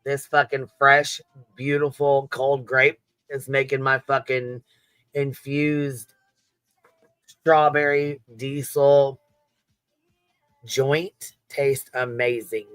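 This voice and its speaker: Bright, foul-mouthed laid-back man. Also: mid-range voice, flat delivery, slow, long pauses, clean tone, no echo, soft background music. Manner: laid-back and heavily profane. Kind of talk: casual livestream chat.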